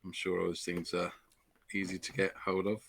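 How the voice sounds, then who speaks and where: Gravelly sarcastic player. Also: male voice, sits low, completely flat delivery, moderate pace, fairly bright tone, slight background noise. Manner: sarcastic, swearing quips. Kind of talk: casual banter during a live stream.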